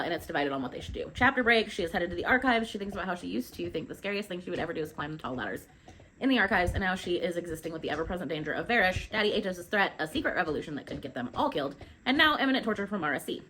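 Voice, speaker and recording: Woman, mid pitch, rapid chatty book-recap delivery, faint room noise behind. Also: fairly bright tone. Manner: chatty, informal, swears, quick asides. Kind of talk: casual chapter recap.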